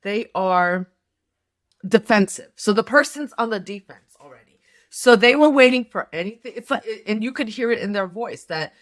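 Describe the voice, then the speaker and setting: A woman's voice: medium pitch, expressive, moderate pace. A middle-aged woman doing a tarot reading, talking casually in a rambling way with many fillers and restarts. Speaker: tarot reader and nurse health coach.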